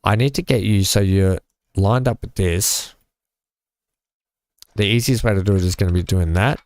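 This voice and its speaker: Low and darkish in tone, this Australian streamer talks at a moderate pace over a dry, clean studio recording. While gaming live, he banters casually with his audience, cracking jokes and laughing a lot.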